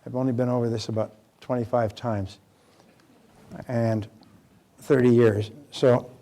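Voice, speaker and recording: A man's voice: mid-range voice, flat delivery, a little slow, warm tone. Earnest older man lecturing a seminar. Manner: earnest, conversational, asks the audience questions. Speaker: seminar speaker. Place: live seminar before an audience.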